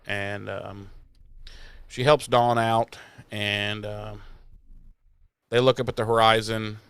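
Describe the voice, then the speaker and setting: Male podcast host, rambling, sarcastic, swears freely; clear resonant tone, dead-dry room. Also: on the low side, level tone, takes it slowly, fairly bright tone, no echo. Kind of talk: casual recap chat.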